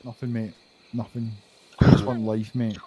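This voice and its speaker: A man's voice: mid-range voice, flat delivery, moderate pace, warm tone, husky. A man from Scotland with a Scottish accent, swearing often and bragging in casual game chat. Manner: swears a lot, mock-arrogant.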